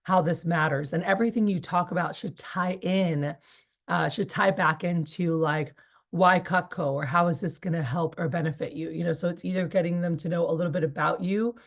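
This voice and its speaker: A woman's voice: lowish voice, steady tone, a little fast. A woman in her thirties leading a sales training session, chatty and rambling with many fillers. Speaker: sales team leader. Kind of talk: casual training talk.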